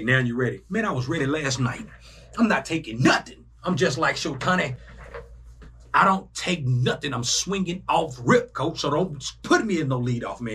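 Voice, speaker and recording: A young man hosting a casual sports reaction video, animated and breaking into loud bursts as he talks to himself. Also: a little high, a little hiss or hum. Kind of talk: excited casual reaction commentary.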